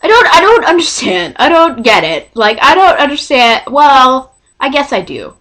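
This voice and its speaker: A young woman from Texas telling a storytime vlog, rambling and excitable, often cutting herself off mid-sentence. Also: high-pitched, moderate pace. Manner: rambling, self-interrupting, excitable. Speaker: vlogger.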